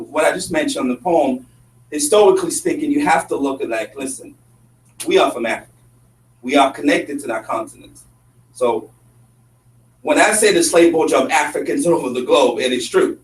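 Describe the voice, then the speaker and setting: A man's voice: a little high, a little fast. French-accented guy being interviewed, emphatic, keeps repeating himself, mic kinda far, echoey room. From Congo. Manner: passionate, emphatic, repeats phrases. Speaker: guest activist. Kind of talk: earnest conversational interview. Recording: roomy, distant mic, faint hum.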